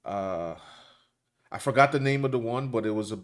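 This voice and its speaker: A man's voice: medium pitch, normal speed. Male co-host, easygoing rambler, mid-range voice, casual commentary chat. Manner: rambling, loose and colloquial, many restarts.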